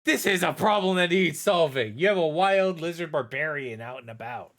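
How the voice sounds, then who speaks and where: Game master, man, animated pitch, playful narrator. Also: normal speed.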